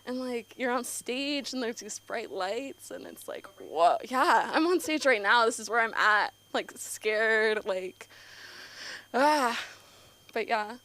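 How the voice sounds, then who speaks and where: A woman's voice: a little high, takes it slowly, sharp tone. A teenage girl doing a nervous, rambling open mic stand-up set on a comedy club stage, full of fillers and giggles. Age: teens.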